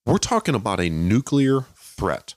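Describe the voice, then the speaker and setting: A man's voice: fairly low pitch, very animated, unhurried, dry recording, studio quality. A man co-hosting a podcast, ranting heatedly about politics, swearing constantly and mocking others with impressions. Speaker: podcast co-host. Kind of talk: profane political rant.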